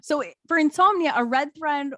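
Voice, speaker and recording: A woman's voice: high-pitched, bright, forceful tone, no room sound. A woman co-hosting a podcast, talking casually and sarcastically and giggling as she presents her research. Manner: giggly, sarcastic, quick asides.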